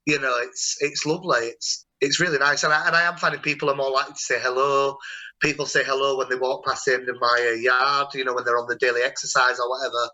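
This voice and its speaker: Guy on a casual call, really bright sharp voice, rambly and chatty. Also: medium pitch, little pitch movement, fast talker, low-quality recording. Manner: chatty, rambling, warm storytelling with many restarts. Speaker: host. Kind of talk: casual video-call chat.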